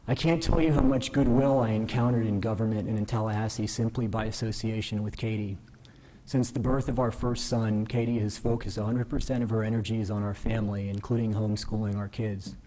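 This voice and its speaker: A man giving a measured, earnest formal speech at a ceremony, modest and self-deprecating. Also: lowish voice, mellow. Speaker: newly invested justice giving a speech. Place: ceremony hall.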